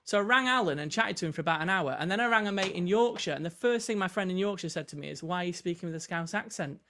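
Fast-talking man telling stories. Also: sits high, expressive, pushed and bright, a little hiss or hum. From north-west England. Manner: rapid anecdotal storytelling, acts out quoted lines. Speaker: guest, Baptist minister. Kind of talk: casual podcast chat, storytelling.

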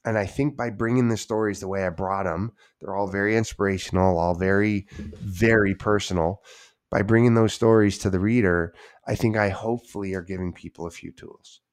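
A man's voice: on the low side, steady tone, a little fast. A man, an author guest on a podcast, speaking earnestly and repeating words when he stresses a point. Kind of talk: casual conversation.

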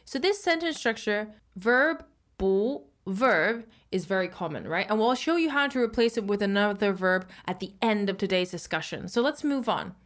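Brief: woman teacher-host, mid pitch, casual lesson chat, slow careful modeling of example words. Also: animated. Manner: slows down and stretches Mandarin words for learners.

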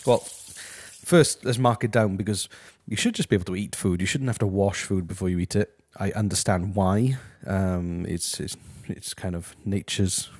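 A man hosting a comedic review from his house, talking deadpan and rambling with lots of ums. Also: deep voice, moderate pace, few pauses, husky, no room sound, studio quality. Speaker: host. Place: his house, walking to the kitchen.

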